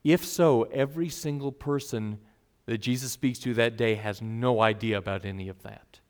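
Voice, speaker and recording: A man's voice: mid-range voice, steady tone, moderate pace, a little mellow, clean tone. A man preaching an expository sermon, earnest and emphatic, who voices his listeners' objections as he goes.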